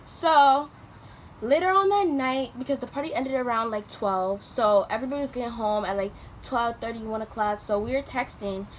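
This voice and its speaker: A young woman telling a story to her vlog audience in casual slang, acting out what people said with sudden loud jumps in pitch. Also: lively intonation, moderate pace. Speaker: vlogger. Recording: noticeable background noise.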